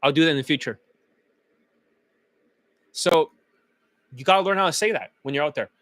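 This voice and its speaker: Male dating coach, higher-pitched, dry sound, pushy and profane, loves repetition. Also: normal speed, a bit bright, no room sound. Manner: emphatic, blunt and profane, chanting phrases over and over. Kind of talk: profane motivational coaching monologue.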